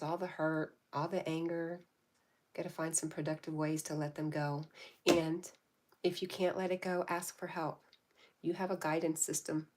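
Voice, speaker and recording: A woman hosting a casual livestream, reading viewers' comments aloud and answering in a gentle, affectionate, spiritually encouraging way. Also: fairly low pitch. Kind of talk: casual live-stream chat.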